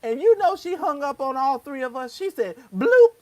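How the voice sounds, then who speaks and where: A woman's voice: sits high, a little fast, no room sound. A woman co-hosting a live stream, chatting casually and acting out quotes as she tells a story. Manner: animated storyteller who acts out quotes. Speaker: co-host of a live stream show. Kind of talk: casual chat.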